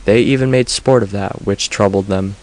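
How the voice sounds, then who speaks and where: A man narrating an audiobook of myths in a steady storytelling manner. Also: fairly low pitch, moderate pace, poor audio.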